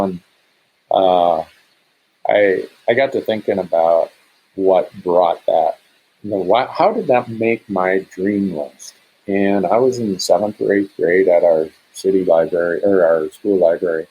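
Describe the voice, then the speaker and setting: Husky-voiced man telling a hunting story. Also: low voice, unhurried, muffled recording. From Montana. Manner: animated, acts out quoted speech in a raised voice. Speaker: guest hunter. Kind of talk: storytelling in a podcast interview.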